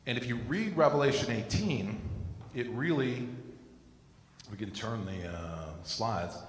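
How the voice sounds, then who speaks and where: A middle-aged American man delivers an earnest sermon, weaving his own story into scripture. His voice sits at an ordinary pitch for a man. It rings through a roomy space with a long reverb tail. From United States. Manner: earnest, personal testimony mixed with scripture. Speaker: Christian teacher. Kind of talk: recorded sermon. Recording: echoey room with long reverb.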